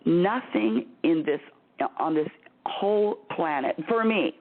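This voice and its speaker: A woman hosting a spiritual advice show over a call-in line, talking in a lively, laughing way and repeating her words. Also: low voice, slow pace. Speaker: spiritual talk show host. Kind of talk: phone-in radio advice chat. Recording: tinny phone line.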